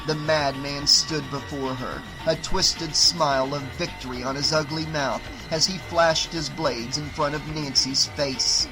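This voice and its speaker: A man narrating an audiobook in a steady, dramatic reading style. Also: on the high side, measured pace, hardly any pauses, over music, poor audio. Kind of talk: scripted narration.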